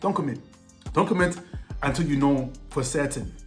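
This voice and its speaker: A young South African man telling a personal story to camera in a casual, animated way, heavy on slang and repeated phrases. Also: mid-range voice, normal speed. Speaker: storytelling vlogger. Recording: roomy echo with faint music.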